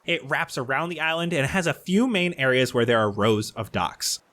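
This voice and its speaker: A man running a tabletop game as dungeon master, describing scenes in a steady, even voice. His pitch sits in the middle of the range for a man. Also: normal speed.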